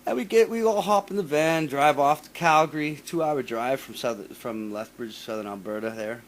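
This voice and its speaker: A man in casual conversation, telling a story in a middle-pitched voice. He swears constantly, stutters into restarts, and acts out what others said with sudden jumps in voice. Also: normal speed, a little hiss or hum. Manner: profane, animated, restarts often, mimics others. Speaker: podcast host.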